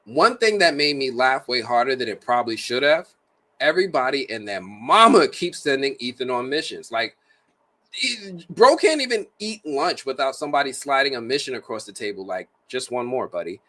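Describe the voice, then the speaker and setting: A man's voice: mid-range voice, normal speed. A man reviewing a movie in a casual, jokey, slang-filled way. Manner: animated, slangy, jokey delivery.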